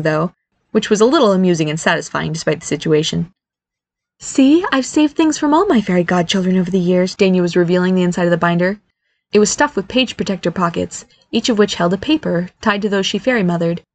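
Expressive woman reading a story aloud. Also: fairly low pitch. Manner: expressive, does character voices. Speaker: narrator. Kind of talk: audiobook narration.

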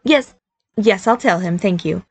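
A woman's voice: medium pitch, measured pace, no echo. A woman voicing an eager, nervous fairy godmother mother who chatters and reassures, in an audiobook reading. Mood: chatty, anxious. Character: cheerful, nervous middle-aged fairy godmother mom.

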